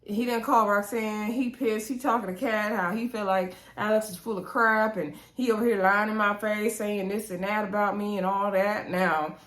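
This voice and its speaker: A woman chatting casually to her viewers as she recaps a reality show, talking straight at them in a lively, animated way. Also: medium pitch, normal speed, few pauses. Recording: roomy echo.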